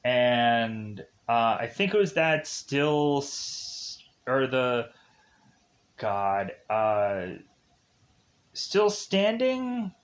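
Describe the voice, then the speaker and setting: A man's voice: medium pitch, very animated, extremely slow. A man casually recapping a film as a reviewer, rambling with lots of fillers and restarts and laughing at his own tangents. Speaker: movie reviewer.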